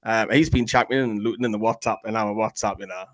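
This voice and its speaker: A man's voice: on the low side, steady tone, no echo, poor audio. A man co-hosting a fan channel, reading viewer comments in rambling casual chat. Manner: chatty, rambling, quick to joke.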